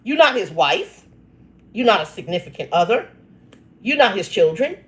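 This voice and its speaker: In a mid-range, sing-song voice at a moderate pace, a fifties-aged woman hosting a channel tells viewers a story about her family. She reads comments from her live chat and speaks emphatically, with frequent exclamations and laughter.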